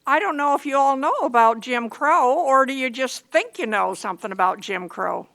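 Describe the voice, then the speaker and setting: A woman addresses a county board in public comment, indignant and scolding. Her voice sits high and sounds bright and sharp. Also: normal speed, creaky.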